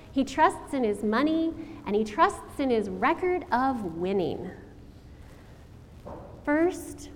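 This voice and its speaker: A woman preacher giving a sermon, telling the story in a slow, dramatic way with rhetorical questions. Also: sits high. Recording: long hall reverb, faint ambience.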